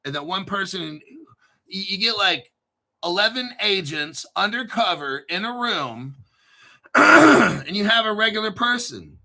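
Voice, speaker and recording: A man hosting a crypto channel, delivering a profane, combative rant and often clearing his throat. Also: sits high, animated, measured pace, pushed and bright. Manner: profane, combative, boastful ranting. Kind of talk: ranting solo commentary.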